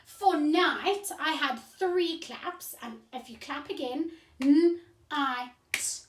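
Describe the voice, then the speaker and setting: A woman teaching a phonics lesson to young children in a slow, clear teacherly voice, sounding out letters, heard from a distance in a roomy space. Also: very high-pitched, a bit bright, a little hiss or hum. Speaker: primary school teacher.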